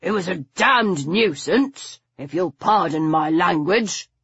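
A woman's voice: on the low side, expressive, takes it slowly, a bit bright, husky, dry recording, highs cut off, full character voice. A woman reading the part of an irritable older English aristocrat man who talks bluntly and grumbles. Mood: bitter.

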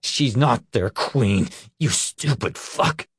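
A man's voice: mid-range voice, slow pace, darkish tone, husky, no echo, clean studio sound. A man voicing a furious wounded teenage boy. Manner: snapping, bitter, accusing.

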